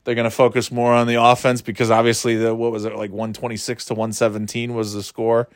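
A man in a casual sports talk, swearing freely and rambling, with frequent laughs and lively jumps in pitch. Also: fast, no echo, studio quality. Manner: profane, rambling, animated, laughs often.

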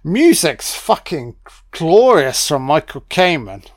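Drunk, slow-talking man. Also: a little high, no echo, clean studio sound. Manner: rambling, sweary, excitable. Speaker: film commentator. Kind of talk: audio commentary over a film.

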